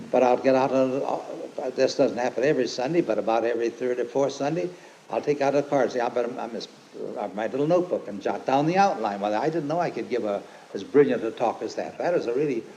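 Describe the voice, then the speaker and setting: An older man preaching an informal, rambling sermon, folksy and emphatic, who turns forceful when he quotes scripture. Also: mid-range voice. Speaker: lay preacher and teacher. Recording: dull lo-fi archive recording with faint hiss.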